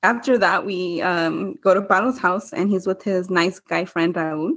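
Chatty woman recapping a show, lower voice. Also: unhurried, fairly bright tone. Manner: chatty, swears freely, acts out characters' lines. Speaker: podcast co-host recapping a telenovela. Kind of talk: casual chat.

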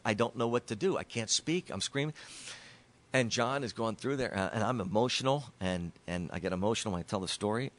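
A middle-aged man, a baseball broadcaster, telling stories as a guest in an interview, animated and stumbling over repeated words when excited. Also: lowish voice. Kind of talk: storytelling interview.

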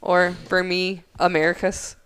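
A woman's voice: lowish voice, level tone, measured pace, a bit bright, smooth. A woman in casual podcast chat, frank and swearing, laughing at her own mix-ups.

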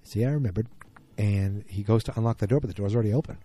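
A man's voice: on the low side, steady tone, racing, warm tone. A man casually recapping a TV drama episode, thinking aloud and often restarting his sentences.

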